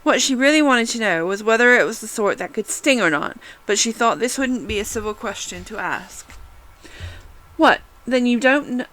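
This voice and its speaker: Expressive woman reading a storybook. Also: on the high side, a little fast, hardly any pauses, slight background noise, poor audio. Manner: expressive, with small restarts. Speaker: reader. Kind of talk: storybook read-aloud.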